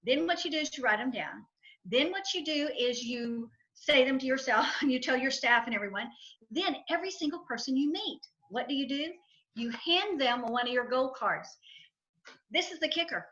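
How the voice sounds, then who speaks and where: A middle-aged woman speaks as an interview guest, with a high, forceful, bright voice. She drives each point home by repeating it and acting out quotes. The sound is muffled and lo-fi. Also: expressive, moderate pace. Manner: emphatic, repetitive, storytelling with acted quotes. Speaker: guest, financial advisor and entrepreneur. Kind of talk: enthusiastic interview talk.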